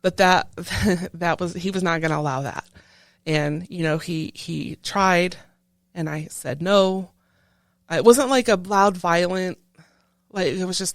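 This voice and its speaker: A woman who is a military veteran, telling a painful personal story in an interview in halting speech full of restarts. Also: lowish voice, no room sound, clean studio sound. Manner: halting, with many restarts, recounting a painful memory. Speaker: veteran guest.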